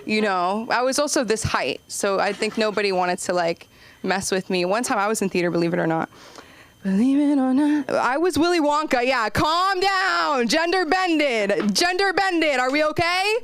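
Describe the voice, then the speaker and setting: A woman's voice: mid-range voice, brisk. Rambling young woman doing stand-up. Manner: rambling, self-deprecating, peppered with "like" and trailing asides. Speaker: stand-up comic. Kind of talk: open mic stand-up set. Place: comedy club stage.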